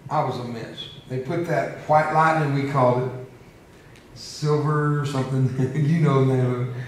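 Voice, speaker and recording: A man's voice: medium pitch, steady tone, moderate pace, slight background noise. Older man telling a story in an echoey hall. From United States. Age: 70s. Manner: humorous, emotional, laughs often. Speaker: motivational speaker. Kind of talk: storytelling speech to an audience. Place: large hall with an audience. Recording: echoey hall, heard from a distance.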